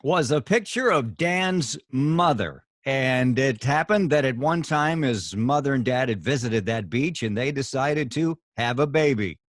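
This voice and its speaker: A man on a video call, joining an improvised story with deadpan jokes. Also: mid-range voice, unhurried, few pauses, no echo, clean studio sound. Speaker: radio show host.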